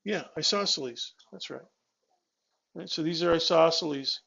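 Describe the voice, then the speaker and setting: A man with a high voice teaches a physics class in a classroom. He walks students through each step, stops himself mid-word to restart, and keeps checking in with questions. The recording is dull and lo-fi. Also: moderate pace, gravelly, pushed and bright. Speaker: physics instructor. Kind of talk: classroom lecture.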